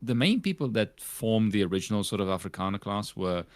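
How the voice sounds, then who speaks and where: A man from South Africa chats on a live stream in a lowish voice that rises and falls freely. He is blunt and laughs often, and his voice sounds close and dry. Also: very animated, a little fast, dry recording. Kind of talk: casual chat on a live stream.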